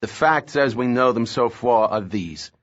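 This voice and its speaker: A man's voice: medium pitch, expressive, unhurried, lo-fi sound, close to an everyday voice. A man voicing an angry, stocky federal agent in charge who speaks in a curt, abrasive way. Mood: brusque.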